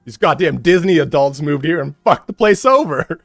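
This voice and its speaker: A man's voice: fairly high pitch, animated, normal speed, dry recording, faint music behind. A man from California with an American accent ranting casually on a livestream, swearing and laughing a lot. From California, USA. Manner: profane, rambling, laughs often. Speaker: streamer.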